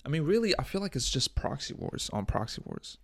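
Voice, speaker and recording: A young man hosting a casual solo podcast, rambling and swearing with jokes, often coughing and clearing his throat into a close microphone. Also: medium pitch, sing-song, a little fast, no echo. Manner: rambling, profane, jokey, drifts between loud bits and mumbling. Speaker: podcast host. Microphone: studio microphone up close.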